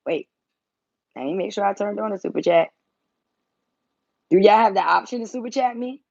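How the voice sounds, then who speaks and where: A woman's voice: medium pitch, expressive, fairly quick, gravelly, pauses often, dry recording, lo-fi sound. A woman hosting a casual livestream from home, blunt and teasing, swearing freely as she talks. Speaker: tarot reader and channel host.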